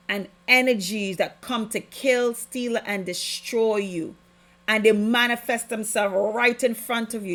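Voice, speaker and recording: A woman's voice: mid-range voice, a bit bright. A woman hosting a podcast, giving an impassioned, preachy spiritual testimony with heavy emphasis. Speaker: podcast host.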